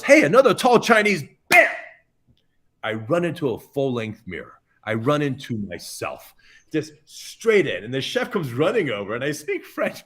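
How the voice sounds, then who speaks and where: A middle-aged man, a chef guest on a podcast, telling an anecdote with lively, expressive delivery and acted-out quotes. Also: on the low side. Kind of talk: animated storytelling in podcast interview.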